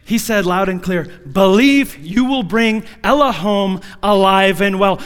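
High bright-voiced man preaching in a hall. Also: moderate pace, hardly any pauses, slight background noise. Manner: swings from hushed storytelling to shouted pleading. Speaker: preacher giving a testimony. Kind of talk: sermon.

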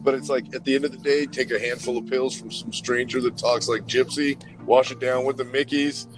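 A man's voice: mid-range voice, flat delivery, a little fast, music in the background, rough recording. A man co-hosting a podcast from his car, joking crudely and teasing his friends. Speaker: podcast co-host. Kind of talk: crude casual banter. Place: in a car, remote call.

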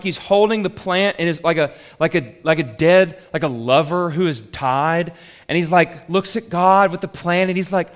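A male pastor preaching a sermon in an animated, conversational way and reading scripture aloud. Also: high voice.

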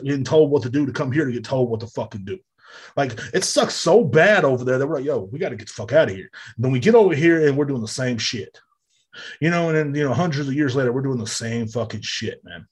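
A man's voice: mid-range voice, husky. A man hosting his own podcast from home, ranting casually with lots of swearing and filler words. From United States. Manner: profane, rambling, frequent fillers. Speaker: podcast host. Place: home room near a street. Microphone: desk microphone.

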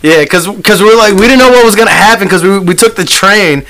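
Rambling bright-voiced man. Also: high-pitched, fast talker. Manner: rambling, filler-heavy, laughing often. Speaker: podcast co-host. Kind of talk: casual chat.

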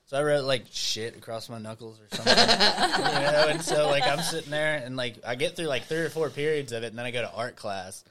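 A man's voice: mid-range voice, expressive, a little fast, hardly any pauses, over a noisy crowd. A young man co-hosting a casual podcast chat, swearing a lot, laughing and acting out movie lines. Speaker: podcast co-host.

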